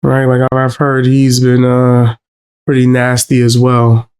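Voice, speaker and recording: A man's voice: mid-range voice, monotone, slow pace, a little mellow, clean tone. A man co-hosting a reaction stream, chatting casually and questioning what he hears. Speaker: co-host.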